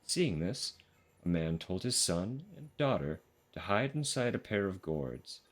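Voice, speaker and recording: A man reading out a folksy message from a gourd grower who rambles through an old flood tale. He speaks in his own deep voice. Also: sing-song, unhurried, full character voice.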